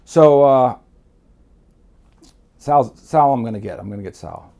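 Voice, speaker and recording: Gravelly, blunt-talking man. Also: mid-range voice, expressive, measured pace, mellow, faint music behind. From Miami, USA. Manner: blunt, profane, rambling. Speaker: guest storyteller. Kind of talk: candid storytelling.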